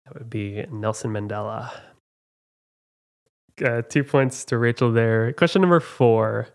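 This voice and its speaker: A man's voice: medium pitch, unhurried, gravelly, a little mellow. A man hosting a casual trivia quiz, reading out questions and joking about himself, with many fillers. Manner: reads questions, chatty and self-mocking, many fillers. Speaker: quiz host.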